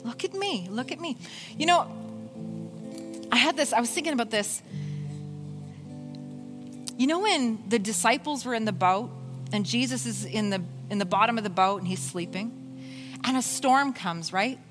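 A woman preaching a sermon in an animated way, voicing Bible figures in short quoted lines. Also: a little high, moderate pace, long pauses, music in the background. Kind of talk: sermon with worship music.

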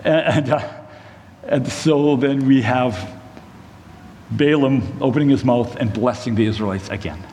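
A man preaches by retelling a Bible story in a loose, conversational way, breaking off for side notes to his listeners. His voice sits at an ordinary middle pitch. A long hall reverb and faint room noise surround every phrase. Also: a little slow, darkish tone.

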